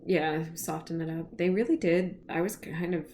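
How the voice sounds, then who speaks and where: Co-host: a woman with a fairly low voice, keen and loose-mouthed, chatting casually. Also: steady tone, a little mellow, slight background noise. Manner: enthusiastic, profane, quick asides. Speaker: podcast co-host. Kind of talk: casual chat.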